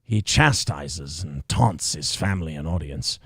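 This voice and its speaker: A man voicing a solemn male wildlife documentary narrator in a mock nature documentary, speaking slowly and gravely. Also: very deep voice, animated, a bit bright, no room sound, studio quality, voice pushed down, exaggerated voice. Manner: slow, grave documentary delivery.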